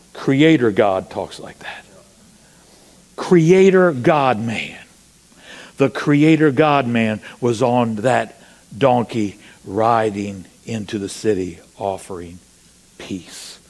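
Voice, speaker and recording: Male pastor at the pulpit, mid-range voice, animated preaching that rises to loud cries. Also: slow pace. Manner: animated preaching, rising to loud high cries when quoting scripture; asks the congregation rhetorical questions. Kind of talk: sermon. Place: church sanctuary.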